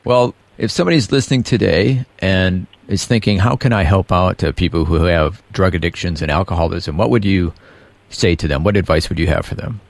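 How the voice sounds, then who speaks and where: A man interviewing a guest on the radio, asking measured questions and adding short affirmations. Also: deep voice, vocal fry, dry recording.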